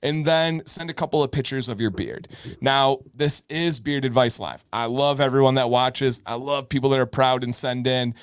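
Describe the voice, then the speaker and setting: A middle-aged man talks casually on a live advice show, joking and teasing his co-host over small points. His voice sits at an ordinary middle pitch. It is recorded dry and close, with no room sound. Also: steady tone, moderate pace, clean tone, no echo. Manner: joking, playfully argumentative. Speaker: podcast co-host. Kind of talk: casual live-stream chat.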